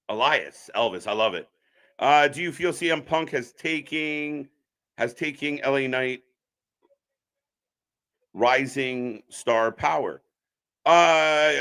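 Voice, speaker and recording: A man co-hosting a live wrestling stream, chatting casually and reacting loudly to the action. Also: medium pitch.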